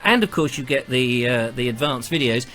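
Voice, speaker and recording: A man's voice: mid-range voice, expressive, moderate pace, a bit bright. A man hosting a live show in a chatty, jokey, self-mocking way. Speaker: host.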